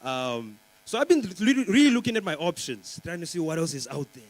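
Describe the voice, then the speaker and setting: A man's voice: a little high, very animated, brisk, poor audio. Young man doing stand-up. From Namibia. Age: young adult. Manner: chatty, rambling, teasing the crowd with lots of fillers. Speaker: stand-up comedian. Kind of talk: stand-up comedy set. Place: conference stage before a live audience.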